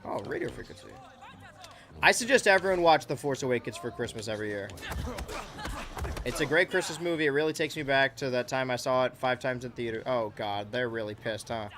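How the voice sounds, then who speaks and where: A man's voice: medium pitch, fairly quick, a bit bright. A man playing a video game and talking over it with rambling, sarcastic jokes and asides. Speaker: gaming channel host. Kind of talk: let's play commentary.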